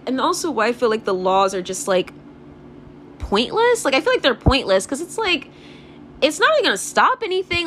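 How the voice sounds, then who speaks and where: A woman's voice: on the high side, a bit bright, slight background noise. A young woman delivering a vlog rant, profane and frustrated, with a constant stream of "like" fillers. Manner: rapid, profane, filler-heavy ranting with constant "like". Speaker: vlogger. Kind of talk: ranting vlog monologue.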